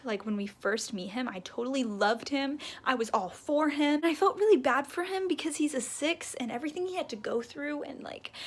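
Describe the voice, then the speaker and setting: A young woman vlogging her reactions to a book series, talking dramatically and gushing or ranting in casual chat. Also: on the high side. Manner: animated and dramatic, gushing and ranting about characters. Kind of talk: casual reading-reaction vlog.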